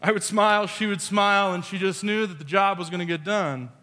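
A man's voice: high voice, fairly even intonation, fairly quick, sharp tone, big-room sound. A man preaching a sermon, telling a family story with playful quoted voices. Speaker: pastor.

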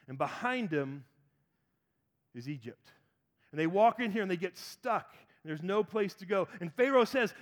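A man's voice: high voice, animated, moderate pace, pauses often. A man in his forties preaching a sermon, animatedly acting out the voices of people in the story. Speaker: pastor.

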